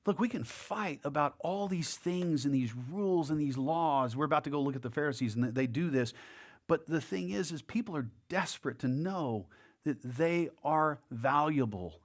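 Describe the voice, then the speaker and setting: A man's voice: on the high side, lively intonation, normal speed. Conversational male pastor preaching. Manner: conversational preaching, repeats words, acts out quotes. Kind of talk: sermon.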